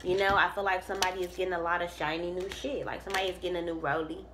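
A woman's voice: on the low side, little pitch movement, very fast, noisy background. A woman giving a casual tarot reading to camera. She talks in an emphatic, profane and preachy way, rambling and restarting her sentences. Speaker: tarot reader.

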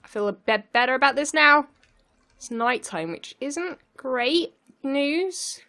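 A young woman's high, bright, expressive voice comes out slow and forceful as she gives live commentary on her let's play. She's flustered, keeps up a running self-talk, and laughs often.

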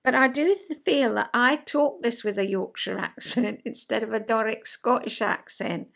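A woman's voice: a little high, normal speed, vocal fry, a bit bright. A woman in her sixties from the south east of England with a Southern English accent, hosting a chatty home vlog, rambling with lots of fillers and asides. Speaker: vlog host. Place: at home, indoors.

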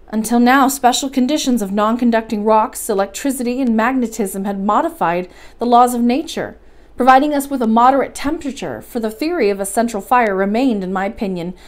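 A woman reading a classic adventure novel aloud as a bedtime story, in calm, measured storybook narration. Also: on the high side. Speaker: library storyteller.

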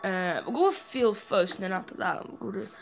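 A young man hosting a horror game let's-play, rambling and swearing heavily and often startled into loud yelps. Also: high-pitched, animated, brisk, vocal fry, music in the background, rough recording. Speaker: gaming channel host.

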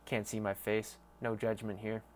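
A man's voice: on the low side, little pitch movement, moderate pace. A man hosting his own fan podcast, rambling through a casual solo sports rant with swearing and self-mocking asides.

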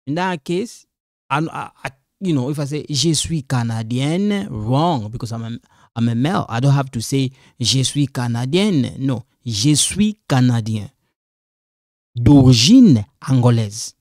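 A man's voice: medium pitch, animated, moderate pace, a little mellow, no echo, studio quality. A man teaching French, patiently repeating phrases for learners as he goes through a quiz. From Congo. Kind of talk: quiz walkthrough lesson.

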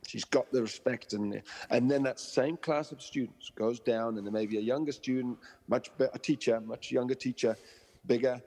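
Man, dog trainer guest, story-driven explanations, acts out quotes, middle pitch, reverberant recording. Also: fairly even intonation, moderate pace, mellow. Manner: explains through stories and analogies, acting out quoted voices. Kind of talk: interview conversation.

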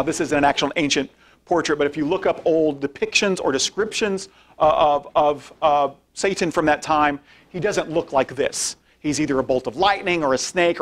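Chatty man lecturing with slides. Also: a little high. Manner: conversational, frequent tag questions; directs slide changes while speaking. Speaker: guest speaker, philosophy professor. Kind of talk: informal public lecture with slides.

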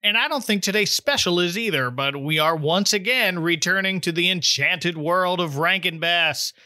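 Man, podcast host, bright voice, dry sound, playful teasing intros, casual chat. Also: high-pitched, normal speed, dry recording.

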